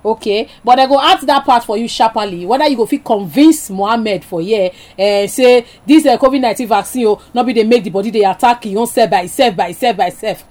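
Woman radio host, nigerian pidgin, higher voice, chatty with callers. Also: fairly quick, hardly any pauses, a little mellow. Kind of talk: phone-in radio show.

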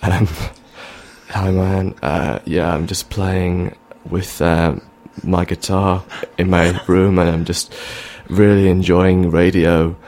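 A young man in his twenties doing an impression of a laid-back young male pop singer, quiet and mumbling with lots of hesitations. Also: deep voice, level tone, slow, voice pushed down. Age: 20s. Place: radio studio. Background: faint background music.

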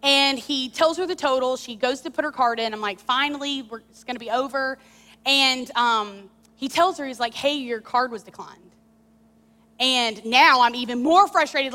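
Woman preacher, bright higher voice, animated candid storytelling, long hall reverb. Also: moderate pace. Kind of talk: sermon with personal story.

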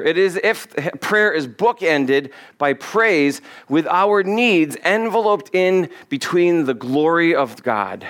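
A man preaching a sermon in a fairly high voice. He drags out key phrases for emphasis, quotes scripture, and asks his listeners questions directly. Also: expressive, slow pace, few pauses, a bit bright. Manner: addresses congregation directly with questions. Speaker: pastor.

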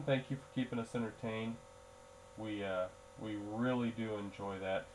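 A man's voice: lowish voice, steady tone, normal speed, slight background noise, rough recording. A man hosting a solo sports podcast, talking casually in a groggy early-morning voice, rambling with fillers and restarts. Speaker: podcast host.

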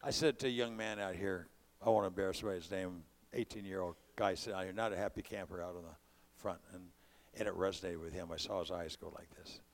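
A man's voice: low-pitched, fairly even intonation, quick pace. A man from California preaching a sermon, mixing conversational storytelling with impassioned calls to his congregation. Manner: preaching with rising bursts of volume.

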